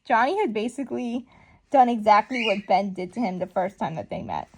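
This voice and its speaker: A woman giving slangy, animated commentary while reading a comic aloud, on a noisy recording. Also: mid-range voice, brisk. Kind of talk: casual comic read-along commentary.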